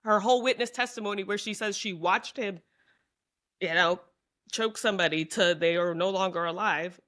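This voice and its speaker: A woman guest in a casual podcast conversation, with a voice of middle pitch. She lays out her points earnestly in long sentences that run into one another. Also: moderate pace, a bit bright.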